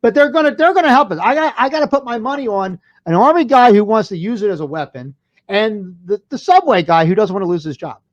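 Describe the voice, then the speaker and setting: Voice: medium pitch, expressive, fast talker, lo-fi sound. A podcast co-host in casual movie review chat, rambling and swearing with lots of restarts.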